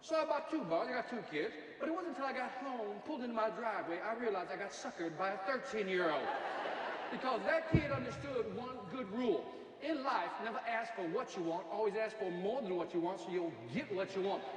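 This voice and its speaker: In a noisy, echoey hall recorded from afar, a middle-aged motivational speaker spins energetic stories punctuated by jokes. His high voice moves a little fast.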